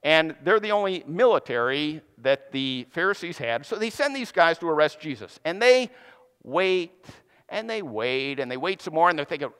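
Animated male preacher in a reverberant hall. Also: on the high side, moderate pace, smooth. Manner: conversational storytelling with playful voiced asides. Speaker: pastor. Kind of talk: sermon.

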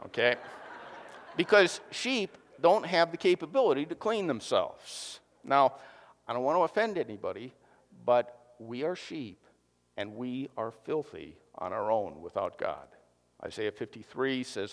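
A man preaching a sermon to a congregation, joking and lively, with asides to the audience. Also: mid-range voice, measured pace. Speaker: pastor. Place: church hall. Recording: long hall reverb.

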